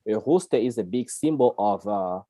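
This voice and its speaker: A man's voice: fairly low pitch, lively intonation, moderate pace, mellow, dry recording. Laughing man explaining things chattily. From Congo. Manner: chatty, laughs often, repeats words, checks in with "you know, all right?". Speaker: guest speaker on Kongo spirituality. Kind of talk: casual explanatory talk.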